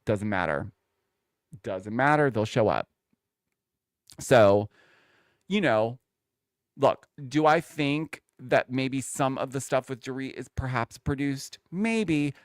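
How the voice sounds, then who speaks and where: A man hosts a casual reality TV recap, talking straight to his viewers in a chatty, opinionated way. His pitch swoops around a lot as he talks. The voice is smooth and clear, recorded dry and close. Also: lively intonation, slow, pauses often, no room sound. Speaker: host.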